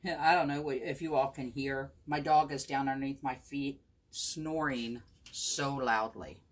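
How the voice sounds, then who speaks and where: A woman's voice: extremely low pitch, steady tone, unhurried. Chatty woman demoing crafts live. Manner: chatty, thinks aloud, answers viewers by name. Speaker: chalk craft demonstrator. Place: home craft table with her dog at her feet.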